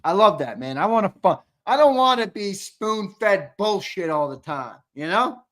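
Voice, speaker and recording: Male livestream sports host, a touch high-pitched, profane and cocky, chatty with the audience. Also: lively intonation, measured pace, fairly bright tone. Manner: brash and profane, with trash talk; reads out and answers the live chat. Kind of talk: casual livestream chat.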